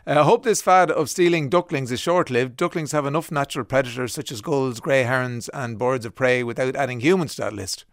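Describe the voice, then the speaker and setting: A man's voice: medium pitch, fairly quick, few pauses, dry recording, studio quality. An Irish man presenting a radio show in a chatty, casual way, reading out listener messages. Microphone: studio mic.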